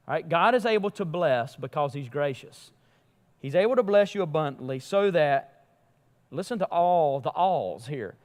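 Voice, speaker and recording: A man pastor preaching a sermon in a church, emphatic, rising and falling in loudness. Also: a little high, animated, a little slow. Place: church sanctuary. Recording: long hall reverb.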